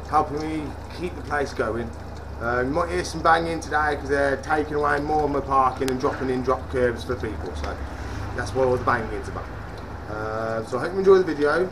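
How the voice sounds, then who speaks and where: A man's voice: fairly high pitch, background noise. Chatty man coaxing his reptiles. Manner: chatty, coaxes the animals in a soft, doting voice. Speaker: reptile shop owner and vlog host. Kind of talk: casual vlog chat.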